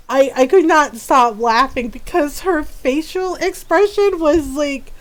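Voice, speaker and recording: A woman's voice: high voice, normal speed, hardly any pauses. A middle-aged woman streaming a game, chatting casually and telling a rambling story with frequent laughter. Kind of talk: casual chat while gaming.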